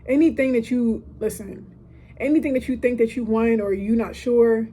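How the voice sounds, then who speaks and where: Woman, 30s, mellow, casual gratitude monologue from a hotel room. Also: fairly high pitch, fairly even intonation, normal speed, a little hiss or hum. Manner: emotional, preachy, asides like "listen" and "okay". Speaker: podcaster.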